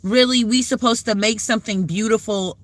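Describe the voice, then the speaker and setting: Talking back to her viewers' comments as they come in, this livestream host chats in a relaxed, reflective way. She sounds a little high and steady, speaks fairly quickly, and the recording is dry.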